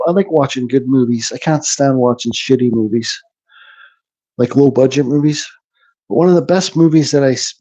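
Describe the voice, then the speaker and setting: Middle aged canadian guy rambling to his live chat, swears a lot, kinda high mellow voice, muffled lo-fi sound. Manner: rambling, blunt, swears freely, answers chat by name. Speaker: woodcarving channel host. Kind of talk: casual chat to live viewers while carving.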